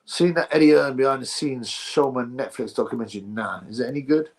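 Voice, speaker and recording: A man's voice: medium pitch, fairly quick. Rambling sarcastic man streaming live. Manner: rambling, sarcastic, reads out chat. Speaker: livestream host. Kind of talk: casual livestream commentary.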